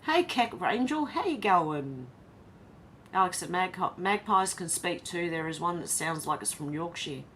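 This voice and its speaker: An Australian woman hosts a casual livestream, reading out viewer comments and chatting back in between. Her voice sits fairly low and sounds animated and a bit bright, her pace a little slow, with slight background noise.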